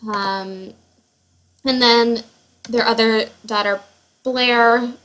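A woman's voice: fairly high pitch, steady tone, very slow, a bit bright, low-quality recording. A young woman giving casual, rambling commentary on her Sims family, full of fillers and self-corrections. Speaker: Sims player.

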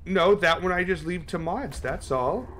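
A man's voice: high voice, normal speed, a bit bright, slight background noise. A man live-streaming a horror game, talking casually and swearing as he chats with his viewers. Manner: casual and profane, chatting with viewers.

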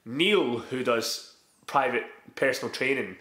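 A man's voice: mid-range voice, a little slow. Laughing man telling a story, roomy echo. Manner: laughing, animated anecdote with profanity. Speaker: podcast co-host, karate student. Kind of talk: casual storytelling chat.

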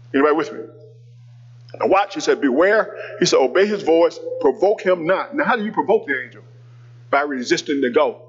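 Male pastor, sermon storytelling, husky, higher voice, dull lo-fi recording. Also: fairly bright tone. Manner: conversational preaching with call-outs to the congregation.

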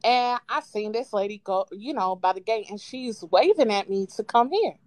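A woman calling in to a live show, casually telling a childhood story with lively quoted voices and frequent laughs. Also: mid-range voice, moderate pace, no echo. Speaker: caller. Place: at home on a live call. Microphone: phone.

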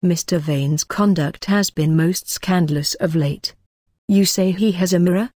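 Woman reading as a calculating, courteous gentleman. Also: on the low side, unhurried, dry recording, clean studio sound. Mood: probing. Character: composed jealous gentleman, smooth and calculating.

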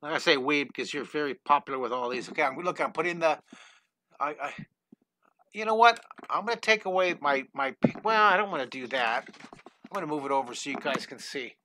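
High, bright, gushing older man. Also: fairly quick, a little hiss or hum. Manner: excitable, gushing, scattered. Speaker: drawing teacher. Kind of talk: live online drawing lesson, greeting viewers. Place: home studio. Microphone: headset.

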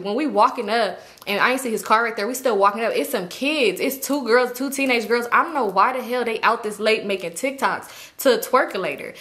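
A young woman tells a storytime straight to her viewers in loose, slangy talk. She swears freely and acts out her own lines. Her voice sits a bit high and rings sharp and bright. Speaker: YouTuber telling a storytime. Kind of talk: casual storytime monologue.

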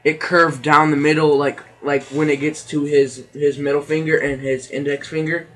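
A man's voice: a little high, little pitch movement, moderate pace, a bit bright, low-quality recording. A man giving casual, rambling gameplay commentary, joking around and laughing often as he talks.

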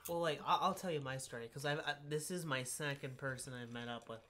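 A man's voice: medium pitch, a little fast, sharp tone. A man co-hosting a podcast in casual chat, telling stories in a laid-back way, full of "like" fillers. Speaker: podcast co-host.

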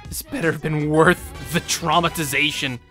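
A woman hosting a let's play, giving casual gameplay commentary in an expressive, jokey way and getting spooked easily. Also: deep voice, normal speed, soft background music.

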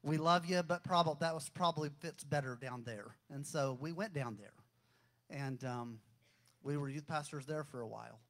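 Man, middle-aged pastor, sermon, folksy testimony, fervent exhortation, slightly high voice.

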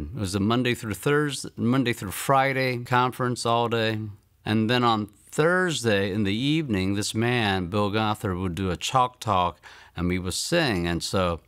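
A man in his fifties from Maryland, telling a personal testimony in earnest storytelling, often trailing off softly at phrase ends. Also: fairly low pitch. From Maryland, United States. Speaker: guest giving a testimony.

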